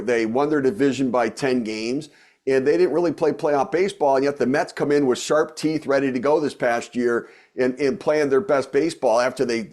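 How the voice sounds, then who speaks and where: A man's voice: mid-range voice, a little mellow. Rambling middle-aged man, podcast guest. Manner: rambling, many fillers and restarts. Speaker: guest, former baseball executive and radio host. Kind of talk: casual podcast interview.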